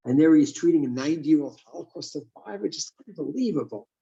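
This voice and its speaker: A man giving a sermon as a rabbi, lively and asking and answering his own questions. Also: fairly high pitch, quick pace, vocal fry, dull audio.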